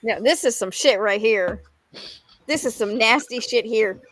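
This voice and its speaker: A woman's voice: on the high side, measured pace, a bit bright, dry recording, poor audio. A woman chatting casually with friends in an online hangout, teasing and laughing often. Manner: giggly and teasing. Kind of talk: casual group chat.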